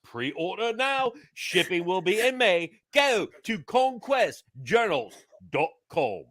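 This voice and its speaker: A man's voice: high-pitched, wildly swooping pitch, takes it slowly, vocal fry, sharp tone, dry recording, studio quality, heavily acted. A male producer voicing a put-on British accent while reading a sponsor ad in a theatrical manner. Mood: hammy. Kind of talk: sponsor ad read.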